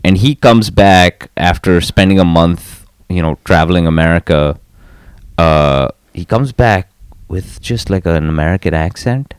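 A man's voice: deep voice, a little slow, clear, resonant tone, no echo. A young man in a casual podcast chat, self-mocking and laughing often, swearing freely.

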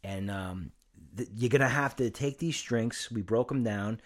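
A man teaching bartending on a casual podcast, listing drinks slowly and plainly. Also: mid-range voice. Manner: plain, instructive, lists things slowly. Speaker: bartending instructor.

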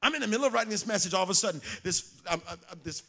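A man preaching a sermon, telling stories and calling out to the crowd, with sudden swings from shouting to hushed whispers. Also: high voice, lively intonation, racing. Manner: storytelling, calls out to the crowd.

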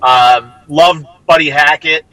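A man's voice: a little high, steady tone, slow pace, sharp tone, no room sound, low-quality recording. A man in casual podcast chat, eagerly asking questions about a show.

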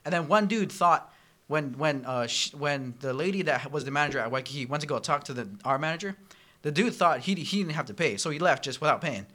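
A man guest on a casual podcast, telling profane, animated stories and acting out the people in them. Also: on the high side, a little fast. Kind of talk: casual storytelling.

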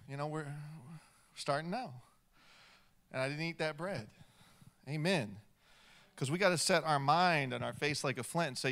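A man preaching a sermon as pastor, animated, swinging between loud and hushed delivery. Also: fairly high pitch, measured pace, pauses often.

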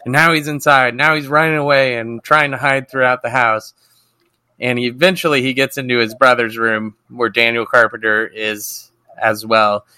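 A man's voice: medium pitch, steady tone, normal speed, bright, forceful tone, clean tone, no echo. A man co-hosting a podcast, casually recapping a TV episode, swearing freely and acting out the characters' lines. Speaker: podcast co-host.

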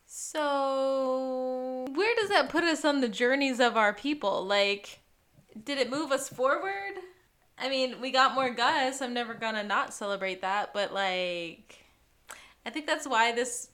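A woman's voice: high-pitched, lively intonation, measured pace, a bit bright. A woman co-hosting a podcast, recapping a TV episode in casual chat and laughing often between remarks. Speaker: podcast co-host.

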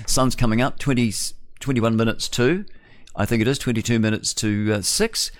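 A man's voice: medium pitch, steady tone, moderate pace. A man hosting live radio in a wandering, chatty way, muttering asides to himself. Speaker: radio host. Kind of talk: rambling live radio chat. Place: radio studio.

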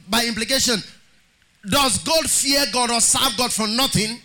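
A man's voice: extremely high pitch, unhurried, sharp tone. A man preaching a sermon as pastor, reading scripture aloud in a sing-song cadence and calling on the congregation for amens.

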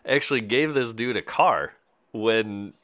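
A man's voice: lowish voice, unhurried, bright, forceful tone. A man hosting a podcast, telling stories in a rambling, laid-back way. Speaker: podcast host. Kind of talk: casual storytelling chat.

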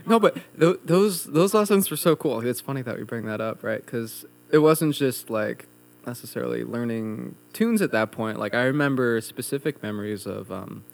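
A man's voice: medium pitch, animated, normal speed, creaky. A young man, a new guitar instructor, talks in casual conversation, earnest and reflective with some hedging fillers. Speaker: guitar instructor, former student.

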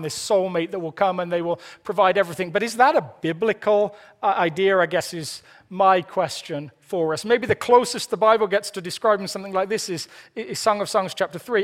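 A man's voice: high-pitched, a bit bright. A man preaching a sermon, earnest with playful asides, often repeating the first word of a phrase. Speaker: pastor.

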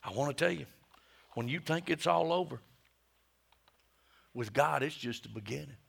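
A middle-aged male pastor preaching a sermon, moving between hushed whispers and loud, emphatic peaks. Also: fairly high pitch, animated, moderate pace, vocal fry, husky.

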